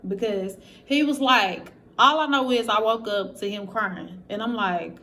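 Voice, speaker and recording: A woman's voice: medium pitch, unhurried, few pauses, slight background noise. A woman telling her personal story straight to her viewers in a candid, profane, casual way, acting out what others said. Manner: animated, acts out quotes of others. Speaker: vlogger.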